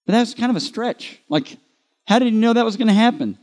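A man hosting a movie podcast live at a convention panel, talking in an animated, sarcastic, jokey way. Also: very high voice, a little fast, long reverb tail. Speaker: podcast host.

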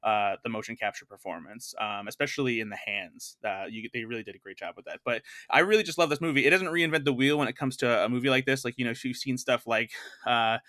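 A man's voice: mid-range voice, quick pace, few pauses, pushed and bright, no echo, studio quality. A man co-hosting a film podcast, reviewing movies in a rambling, earnest way with many fillers and restarts. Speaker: film editor, podcast co-host. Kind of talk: casual film review chat.

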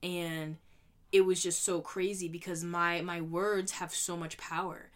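A woman's voice: fairly low pitch, level tone, unhurried. A young adult woman vlogging in a casual, reflective way, earnest and rambling, with lots of "you know" fillers. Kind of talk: casual reflective vlog talk.

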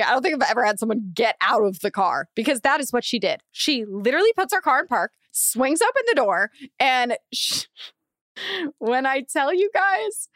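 A young woman hosting a podcast, telling a story in casual chat, animated and swearing, acting out quotes loudly. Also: on the high side, normal speed, no room sound. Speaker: podcast host.

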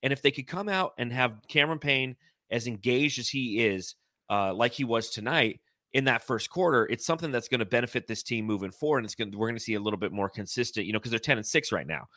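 On a casual sports podcast, this young co-host talks fast in a medium pitch, reeling off statistics and dissecting plays with chatty, animated energy. His audio is dry, with studio-quality sound.

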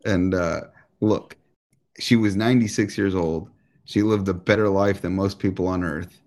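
Low-voiced profane male podcast co-host. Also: fairly even intonation, normal speed, a little mellow. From United States. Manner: profane, joking, rambling. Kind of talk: casual podcast banter.

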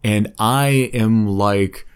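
A man's voice: lowish voice, drawn-out words, clear, resonant tone. A man in casual conversation, rambling and self-deprecating, often restarting his sentences. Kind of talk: casual chat.

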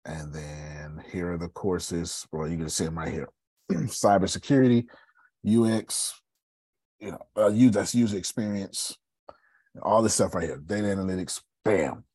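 Male host, husky and dry, blunt motivational talker who repeats himself and swears. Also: lowish voice, animated, normal speed, darkish tone, no echo. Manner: blunt, repetitive, swears freely; addresses listeners by name. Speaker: host of a coaching meeting. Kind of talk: casual motivational talk.

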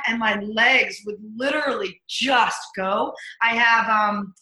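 Bright-voiced woman telling lively stories. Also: a little high, slow pace. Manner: animated, acts out her own inner voice. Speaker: guest, leadership coach and speaker. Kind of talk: casual interview storytelling. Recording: echoey room.

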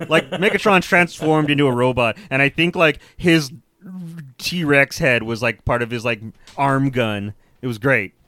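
Young guy on a podcast, smooth voice, dry close sound, rambly, laughs a lot and swears. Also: mid-range voice, unhurried, sharp tone, no room sound. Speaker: podcast co-host. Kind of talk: casual chat.

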